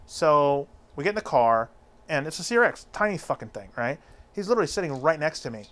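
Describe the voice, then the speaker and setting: A man's voice: a little high, fairly quick. A man telling a long story in a casual chat, rambling and swearing freely as he goes. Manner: profane, rambling, animated storyteller.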